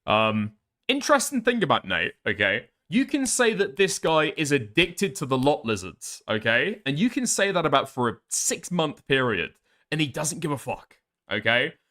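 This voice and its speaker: A man's voice: a little high, sing-song, moderate pace, sharp tone. A man chatting casually and rambling on a live stream, swearing often. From northern England.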